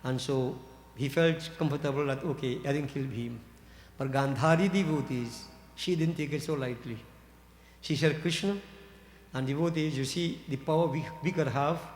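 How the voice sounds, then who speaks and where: Brief: preacher, animated storytelling sermon, higher male voice, roomy echo. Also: normal speed, slight background noise. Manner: animated, addresses listeners as devotees. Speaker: pandit. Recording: echoey hall reverb.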